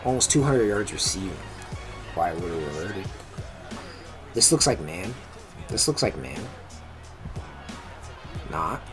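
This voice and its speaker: Male gameplay commentator, fairly low voice, casual and excitable, clear music bed underneath. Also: unhurried, pauses often. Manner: excitable, swears when frustrated, talks to players on screen. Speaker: gaming commentator. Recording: music playing behind.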